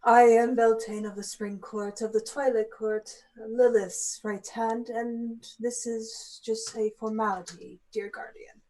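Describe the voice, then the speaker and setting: A woman's voice: a little high, fairly even intonation, unhurried, few pauses, mellow, lightly acted, low-quality recording. A woman player voicing a fey courtier in a tabletop game, speaking formally and courteously. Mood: haughty. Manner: formal, courtly, polite address.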